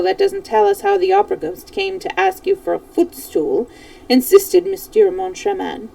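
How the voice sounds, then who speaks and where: A woman reads a story aloud in a warm, mellow voice with a gravelly edge, her pitch sitting a touch high. She performs it expressively, now and then tripping over names, and she sounds set back from the microphone. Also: recorded from a distance, rough recording. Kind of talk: reading a novel aloud on a live stream.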